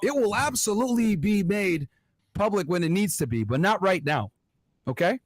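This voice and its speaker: A man's voice: sits high, expressive, moderate pace, no room sound, faint music behind. A man hosting an online commentary show, talking emphatically and straight to his viewers. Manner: emphatic, addresses viewers directly.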